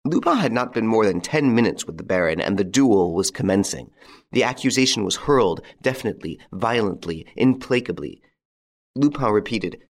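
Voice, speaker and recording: A man narrating a classic adventure novel in a measured, dramatic storytelling style. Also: lowish voice, lively intonation. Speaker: audiobook narrator. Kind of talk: scripted narration.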